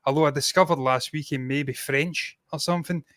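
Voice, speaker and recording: A man co-hosting a casual film review podcast, blunt and animated, swearing freely. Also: on the high side, fairly quick, no room sound, clean studio sound.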